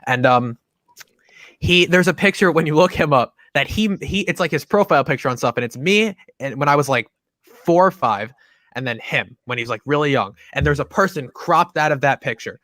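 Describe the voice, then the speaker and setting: Young man talking in halting casual way. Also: fairly high pitch, lively intonation, fairly bright tone, no room sound. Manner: casual, halting, says "like" often. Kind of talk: casual chat on a sports talk show.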